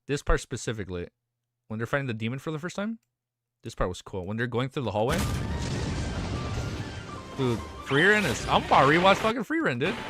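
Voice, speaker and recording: Excitable young man rambling on stream. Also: mid-range voice, a little fast, pauses often, no echo, faint music behind. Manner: excitable, rambling, swears freely, restarts sentences. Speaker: livestream host. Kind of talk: casual stream chat.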